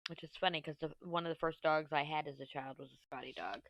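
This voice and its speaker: A woman vlogging casually while she crafts, chatty and self-mocking, thinking her plans out loud. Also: low-pitched, lively intonation, fast, hardly any pauses, no echo.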